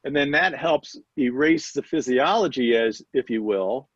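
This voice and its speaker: A man's voice: mid-range voice, a little slow, dry recording, highs cut off. A man mentoring health practitioners, chatting in a casual interview and acting out quoted dialogue as he tells stories. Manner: storytelling, acts out quoted dialogue. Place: Denver area.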